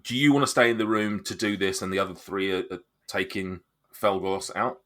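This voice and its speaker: A man's voice: sits low, fairly even intonation, fairly quick, a bit bright. A man narrating as game master of a tabletop game, hesitant and full of restarts. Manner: hesitant, many fillers and restarts.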